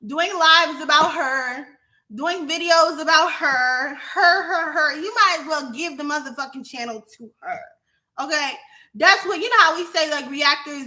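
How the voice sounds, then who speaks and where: A woman's voice: high voice, bright, forceful tone. A young woman hosting a livestream, ranting in a heated, profane way, repeating words for stress and talking straight to her chat. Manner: talks to her chat directly. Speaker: livestream host. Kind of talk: heated casual livestream rant.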